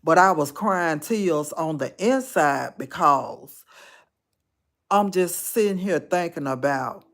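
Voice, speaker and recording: A woman talks slowly and deliberately, with a gravelly edge to her voice. She tells a personal story casually to her live-stream viewers and leans on repeated phrases for weight. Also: deep voice, expressive.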